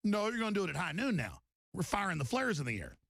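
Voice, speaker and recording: A man's voice: sits high, wildly swooping pitch, fast talker, gravelly, fairly bright tone, no room sound. A man hosting a talk-radio show, delivering an emphatic, rambling monologue and often repeating himself.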